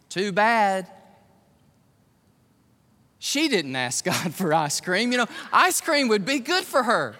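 This fifty-something pastor delivers a sermon through animated storytelling, voicing characters and laughing often. His voice sits high, at a measured pace with frequent pauses and a long reverb tail.

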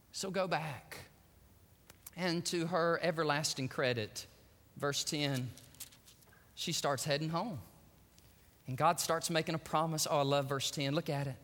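Animated high-voiced male preacher. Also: moderate pace, in a large hall. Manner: animated, acts out quoted voices, laughs often. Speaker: pastor. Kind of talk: sermon.

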